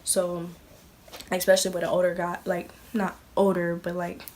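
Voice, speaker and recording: A woman's voice: on the low side, monotone, normal speed, darkish tone. A young woman from Belize, a vlogger telling a casual story and acting out the quoted lines of family members. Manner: chatty, acts out quoted dialogue, many fillers.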